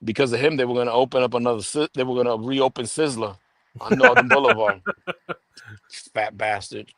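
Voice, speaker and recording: Brief: New York man, sarcastic podcast co-host, dry close sound, middle pitch. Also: steady tone, fast, dry recording. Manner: sarcastic, joking, trails off and restarts. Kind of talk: casual sports banter.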